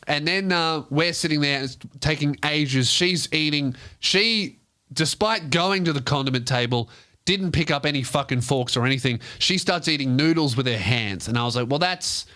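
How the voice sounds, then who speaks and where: A man's voice: on the high side, moderate pace, sharp tone. A man, hosting a comedy podcast and telling a loose, profane anecdote. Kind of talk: comedic storytelling.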